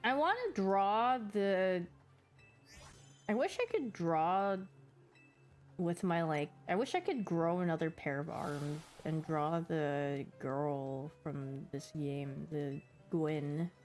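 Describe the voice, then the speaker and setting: Her voice sits low as this young woman chats easily on stream, giggling often and staying bubbly throughout. She drops into playful pet voices mid-conversation while soft music plays faintly under her.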